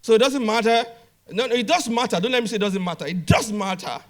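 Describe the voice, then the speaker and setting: A man's voice: high voice, quick pace. A man speaking at a business conference, emphatic and direct, repeating phrases and calling out to the audience. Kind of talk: motivational conference talk. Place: conference hall.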